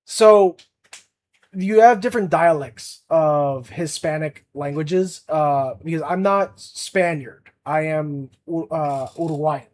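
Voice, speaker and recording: A man's voice: a little high, slow pace, darkish tone. A young man chatting casually on a livestream as an art streamer, rambling with lots of fillers and restarts.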